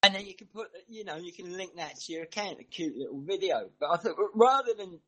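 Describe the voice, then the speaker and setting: Middle-aged man, mixed English accent, husky, rambling casual storyteller. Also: sits high, expressive, brisk, rough recording. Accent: mixed northern and southern English. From English Midlands. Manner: rambling, chatty storytelling with asides. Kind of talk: casual chat.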